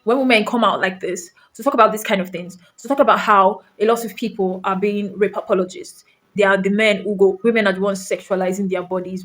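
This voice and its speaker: A woman's voice: mid-range voice, steady tone, a little fast, a bit bright. A woman from Nigeria ranting to camera, emphatic and full of rhetorical questions, with some swearing. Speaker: vlogger. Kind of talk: impassioned rant to camera.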